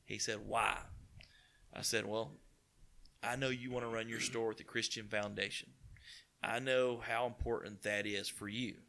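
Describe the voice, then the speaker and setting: A man from East Tennessee with a local accent, telling his career story in a folksy, animated way with quoted dialogue. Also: fairly low pitch, moderate pace, creaky. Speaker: car dealership partner. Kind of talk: casual storytelling interview.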